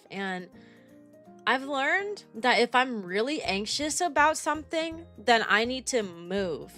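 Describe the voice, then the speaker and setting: A woman's voice: on the high side, fairly bright tone. A young woman, a kindergarten teacher, chatting casually on a livestream and rambling with lots of fillers. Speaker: kindergarten teacher and VTuber streamer.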